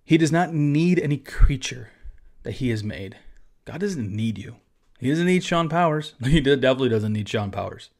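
A man's voice: medium pitch, lively intonation, normal speed, darkish tone. A man, a pastor, teaching about a church confession of faith in a casual, conversational way with asides.

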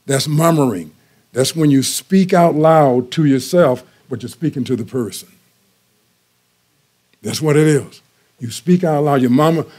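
A man's voice: a little high, a little slow, pauses often, a little mellow. An older man preaching a sermon, telling folksy everyday stories and repeating key phrases for emphasis. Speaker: pastor.

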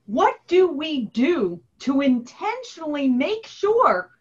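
A woman's voice: high-pitched, big pitch swings, slow pace. A woman hosting an interview podcast, enthusiastic and conversational. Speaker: podcast host. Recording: dull lo-fi recording.

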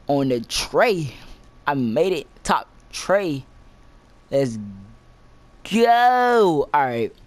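Excitable, foul-mouthed young male gamer. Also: on the high side. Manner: excitable, swears constantly, jumps from shouts to mutters. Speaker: gaming channel host. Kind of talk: live gameplay commentary.

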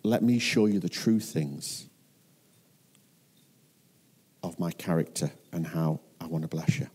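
A man voicing God as a gentle, patient figure who speaks in a reassuring, coaxing way. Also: sits low, normal speed, breathy edge, in a large hall, voice pushed down. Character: gentle, patient divine voice, male.

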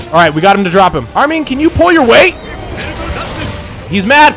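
An excitable young man narrates his gameplay, trash-talking the game and yelling at it. His voice sits high and swings widely up and down. Faint music plays under him. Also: moderate pace, long pauses, some chatter behind. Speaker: gameplay YouTuber. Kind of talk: let's play commentary.

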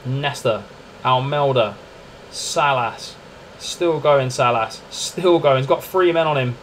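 A young man streaming a football management game, commenting live in a chatty, excitable way and calling to his viewers as lads and mates. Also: medium pitch, slow, slight background noise. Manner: excitable, chatty, keeps addressing "lads" and "mate".

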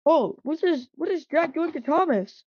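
A woman's voice: high voice, expressive, normal speed, no echo, voice pushed up. A woman voicing a timid, dim-witted small male train engine who hesitates and stammers, in a fan-made cartoon. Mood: confused. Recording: dull lo-fi dry recording.

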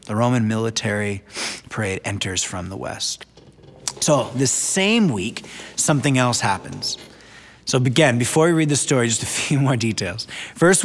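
A man's voice: mid-range voice, fairly bright tone, big-room sound. A man giving a sermon as pastor in a conversational preaching style, with asides to viewers at home. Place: church sanctuary, online broadcast.

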